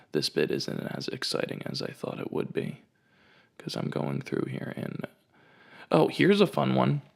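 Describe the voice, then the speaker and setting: A man with a heavily gravelly, creaky voice hosts a casual comedic podcast from his house. He rambles through stories and riffs with a jokey, ranting edge, speaking into a home microphone at a middle pitch. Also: fairly bright tone. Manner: ranting, jokey storytelling with asides. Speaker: podcast host.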